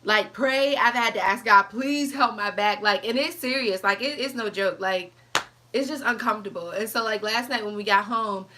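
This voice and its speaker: A young woman chatting to camera in an animated, chatty way, reading live comments as she tells her story. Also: medium pitch, normal speed, a little hiss or hum. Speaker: vlogger. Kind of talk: casual chat to camera.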